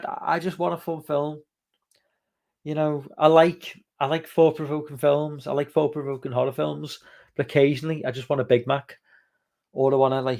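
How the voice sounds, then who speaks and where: Man with a gravelly, creaky voice. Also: medium pitch, darkish tone. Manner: rambling, loose, swears freely, many fillers. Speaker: livestream podcast host. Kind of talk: casual live-stream chat, reading viewer comments.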